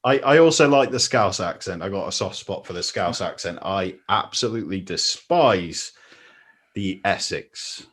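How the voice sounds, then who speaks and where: A man hosting a casual panel chat over a video call, easygoing and quick to laugh along. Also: sits low, expressive, fairly bright tone, slightly rough. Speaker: panel show host.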